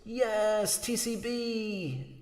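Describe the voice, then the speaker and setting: A man's voice: high voice, animated. Rambling man chatting on a livestream. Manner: rambling, chuckling, quick asides. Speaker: livestream host and musician. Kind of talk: casual livestream chat. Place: home room. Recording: roomy reverb, guitar music.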